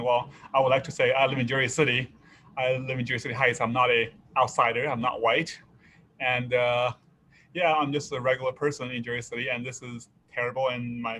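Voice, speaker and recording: Halting man with a bright voice. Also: mid-range voice, slight background noise, low-quality recording. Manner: halting, many fillers and restarts. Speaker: public commenter. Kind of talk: public comment.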